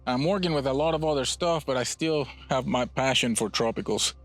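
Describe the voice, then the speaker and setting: A man from Puerto Rico, a bonsai nursery owner, casually explaining his trees in a relaxed, rambling way with frequent restarts outdoors at his nursery. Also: medium pitch, fairly quick, soft background music.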